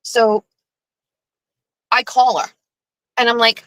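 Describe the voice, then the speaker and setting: A woman's voice: on the high side, level tone, measured pace, fairly bright tone, dry recording, rough recording. A woman hosting her own show, telling a story in a casual, profane and exasperated rant. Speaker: show host. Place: outdoors, on her pool deck.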